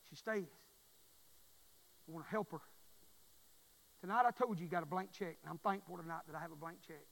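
A man preaching a fervent sermon in a church, repeating his phrases and swelling into loud pleas. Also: fairly high pitch, a little fast, creaky, in a large hall, rough recording. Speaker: pastor.

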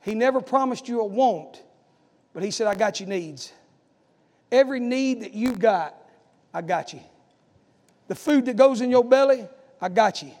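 A pastor preaching, his voice sitting very high for a man. He swells from quiet, slow phrases up to loud shouting. The sound rings with a long hall echo. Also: expressive. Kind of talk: sermon.

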